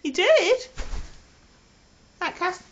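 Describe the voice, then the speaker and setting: A woman talks to her pets in a high, sing-song voice that leaps up and down, cooing baby talk and teasing them fondly. The sound is a dull, faintly hissy home camcorder recording. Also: sing-song, very slow. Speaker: pet owner filming her parrots. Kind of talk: home video, chatting to pets.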